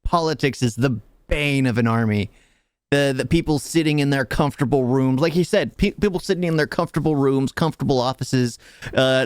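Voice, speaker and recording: An American man hosting a reaction video, commenting in a reflective, halting way. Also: mid-range voice, clear, resonant tone, dry recording, studio quality. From United States. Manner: reflective, halting, repeats words.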